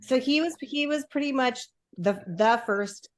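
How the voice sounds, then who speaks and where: A woman's voice: sits high, unhurried. A woman joining a video call, chatting casually with giggles. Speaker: call participant. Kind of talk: casual chat.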